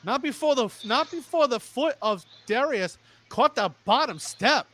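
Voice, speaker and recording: High, bright young man calling wrestling. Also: animated. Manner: rapid, stumbling restarts, plugs sponsors. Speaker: play-by-play commentator. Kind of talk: excited wrestling commentary.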